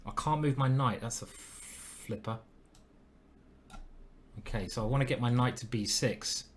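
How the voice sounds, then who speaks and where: A man's voice: mid-range voice, measured pace, slight background noise. A man streaming live, commenting on his chess games and chatting to viewers with self-deprecating asides.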